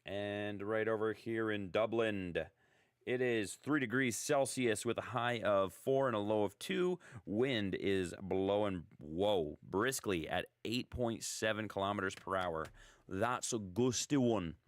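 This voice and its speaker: On casual talk radio, a male host chats and rambles, often joking at his own expense. His voice sits on the low side and moves at a measured pace. The recording is dry and studio quality.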